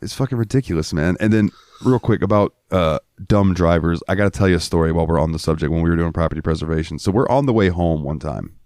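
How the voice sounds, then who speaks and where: Man, very low voice, from Florida, casual profane storyteller, podcast co-host, dry sound. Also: quick pace, few pauses, darkish tone, dry recording. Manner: profane, rambling, acts out quotes in raised voices.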